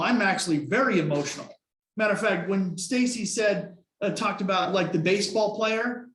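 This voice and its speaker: A man's voice: sits high, reverberant. A man giving a casual motivational talk to his team, telling stories and acting out his own past thoughts. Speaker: team leader.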